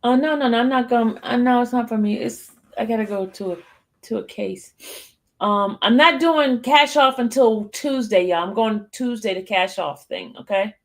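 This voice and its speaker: A woman's voice: fairly high pitch, moderate pace. A woman hosting a casual livestream, playfully scolding and teasing her chat in a way of speaking. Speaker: livestream host.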